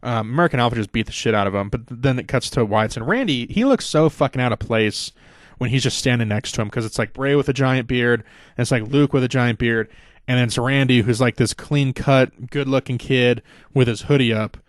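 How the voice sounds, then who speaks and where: A man's voice: medium pitch, fairly quick, no echo. Guy rambling through a podcast recap, swears a lot, lots of ums, dry close sound. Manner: rambling, profane, many fillers. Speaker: podcast host. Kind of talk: casual wrestling recap.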